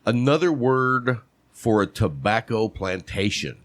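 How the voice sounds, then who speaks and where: A man's voice: on the low side, expressive, a little slow. A man co-hosting a casual podcast chat, quizzing his partner on terms and calling out right answers with playful exclamations. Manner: playful quizmaster, shouts "bam" on right answers.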